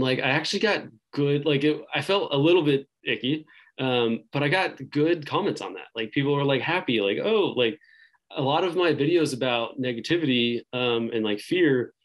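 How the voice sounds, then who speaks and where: A man's voice: medium pitch, poor audio. Rambling man full of "like" and "um". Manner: rambling, heavy use of "like" and "um"; loose, thinking aloud with frequent restarts. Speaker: podcast guest. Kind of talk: casual interview chat.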